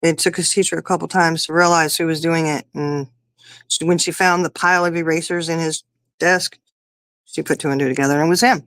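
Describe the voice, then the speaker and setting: A woman's voice: low voice, fairly even intonation, fairly quick, fairly bright tone, dry recording. Chatty woman in her fifties. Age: 50s. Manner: chatty, rambling storyteller. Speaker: podcast guest or co-host. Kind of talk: casual chat.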